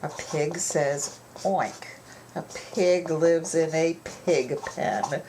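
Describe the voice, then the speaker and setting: Woman children's author, low-pitched, unhurried classroom-video delivery, savors her puns. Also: warm tone, slight background noise. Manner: playful, lingers on puns and repeats them. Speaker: children's author teaching writing. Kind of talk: video writing lesson for children.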